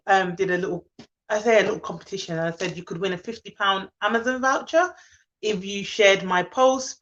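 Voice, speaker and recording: Her voice sits at a medium pitch with a fairly bright tone, though she sounds sleepy as she runs a relaxed live stream. She's a nanny and childcare expert who laughs a lot, chats freely and welcomes viewers by name, all through a phone or laptop mic with dull lo-fi sound.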